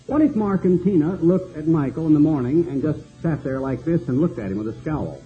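An older man preaching a sermon, slow and cadenced, building long repeated lists. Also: fairly high pitch, muffled recording.

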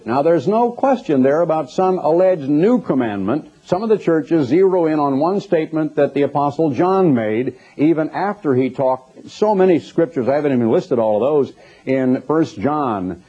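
A man's voice: mid-range voice, lively intonation, moderate pace, warm tone, breathy edge. A man preaching a sermon, emphatic and quoting scripture, often putting rhetorical questions to his listeners. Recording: dull lo-fi recording.

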